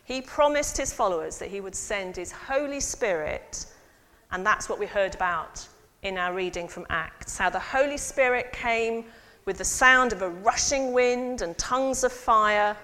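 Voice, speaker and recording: A woman priest giving a lively sermon and involving her congregation. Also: mid-range voice, measured pace. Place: church. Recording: long church reverb.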